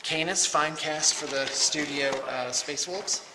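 This middle-aged man, who runs a painting studio, speaks a little slowly in a fairly high voice. He rambles and pokes fun at himself while unboxing miniatures, and the room recording is noisy.

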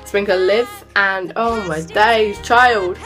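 A woman's voice: medium pitch, takes it slowly, over music. A teenage girl, vlogging in a rambling, chatty way and calling people sweetheart and darling. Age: teens. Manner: rambling, jumps from subject to subject. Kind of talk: casual chatty vlog.

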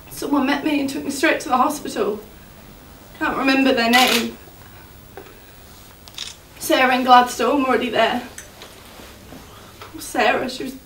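An actress playing a grieving young fiancée in a stage monologue, speaking in an emotional, halting way. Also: female voice, high voice, slight background noise. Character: young woman, grieving fiancée, anxious and devoted. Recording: roomy, distant from the mic.

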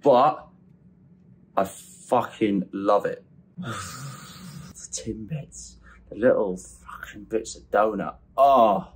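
A young man vlogging on a trip, excitable and swearing casually, filmed on a handheld camera. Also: fairly low pitch, extremely slow, long pauses, husky. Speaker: travel vlogger. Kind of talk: casual vlog chat. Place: out and about on a city trip. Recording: noisy ambient background.

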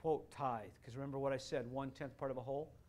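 A man preaching a sermon as a pastor, animated and playful, with bursts of loud excitement. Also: mid-range voice, quick pace. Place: church sanctuary.

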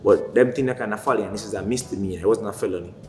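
A young Jamaican man telling a story in animated, slangy patois for his vlog. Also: on the low side, rapid-fire. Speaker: vlogger. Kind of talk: casual storytelling. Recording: echoey room, faint music.

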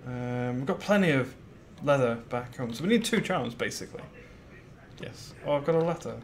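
His mid-range voice is expressive and moderately paced, with a slight hiss or hum in the recording. While streaming a game, he chats loosely about his plans, using lots of fillers and replying to his viewers.

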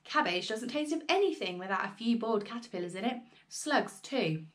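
A woman's voice: on the high side, expressive, normal speed, lightly acted. A woman voicing a bossy, nasty tiny old grandmother who snaps and scolds in a read-aloud storybook. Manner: snappish, scolding, relishing disgust.

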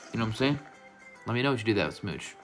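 A man hosting a casual gaming vlog from his room, talking in a goofy, rambling, playfully affectionate way. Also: lowish voice. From United States. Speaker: gaming YouTuber.

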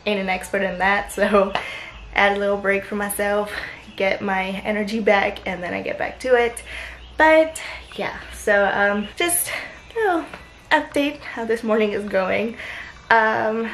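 A woman's voice: medium pitch, measured pace, fairly bright tone, slight background noise, low-quality recording. A young woman chatting casually and animatedly in a home vlog, swearing now and then. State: out of breath after a workout. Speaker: vlogger.

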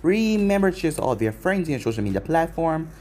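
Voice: medium pitch, sing-song, fast, a little mellow, slight background noise. A channel host reading fan fiction aloud in long, tumbling run-on sentences. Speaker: YouTube story narrator.

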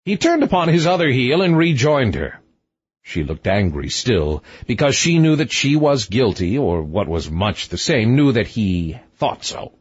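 A man narrating a fairy tale audiobook with expressive, sweeping intonation. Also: mid-range voice, measured pace, breathy edge, no echo, highs cut off.

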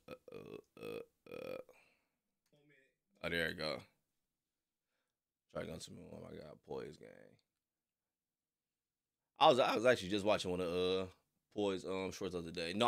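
Laid-back man with a lively low voice. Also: normal speed, creaky, long pauses. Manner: laid-back, slangy, reads chat messages aloud. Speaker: live-stream host. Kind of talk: casual live-stream chat.

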